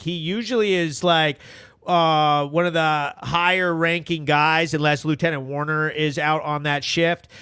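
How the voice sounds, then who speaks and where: A man hosts a live stream in a high, bright voice, talking fast and animatedly and laughing between remarks. The sound is close and dry, with no room behind it. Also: clean tone, no room sound. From Vermont, US. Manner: animated, laughing, reads out chat comments. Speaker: host of a local news recap live show. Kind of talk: casual live-stream commentary.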